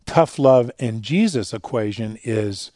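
A man with a dark, mellow voice talks earnestly as a guest on a radio show. He tells stories and lets his voice sink low and soft at the tender moments. The sound is dry and close. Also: expressive, slow, dry recording. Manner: earnest, storytelling, drops quiet for emotional parts. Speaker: guest speaker on fatherhood and faith. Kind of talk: conversational radio interview.

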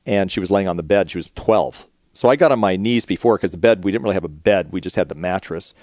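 Fast-talking man telling a family story. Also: low-pitched, a little mellow, no room sound, studio quality. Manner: candid, storytelling, quick-paced. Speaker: radio show host. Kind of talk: conversational radio talk.

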